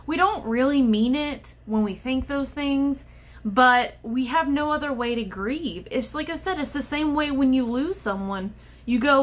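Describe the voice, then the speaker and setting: A woman's voice: high voice, a little slow. A young woman vlogger talking candidly and with frustration about a personal struggle, speaking straight to the camera. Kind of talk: personal vlog monologue.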